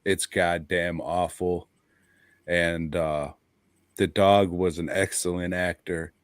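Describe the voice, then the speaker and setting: A man's voice: low voice, flat delivery, slow pace, dry recording, studio quality. A man co-hosting a casual podcast chat, blunt and profane, laughing often. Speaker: podcast co-host.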